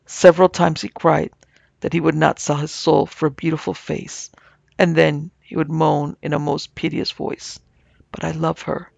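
A man narrating a scripted supernatural tale in a steady, measured way. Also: fairly high pitch, creaky, dry recording. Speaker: narrator and producer. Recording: dull, dry lo-fi audio.

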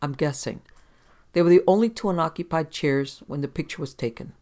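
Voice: medium pitch, a little fast, darkish tone, lightly acted. A reader voicing a brash, offhand male private detective giving orders. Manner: offhand, cocky. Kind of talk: audiobook reading.

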